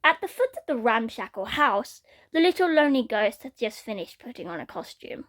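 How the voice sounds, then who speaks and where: Lively woman reading a story aloud. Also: on the high side, a little fast. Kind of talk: fan fiction reading.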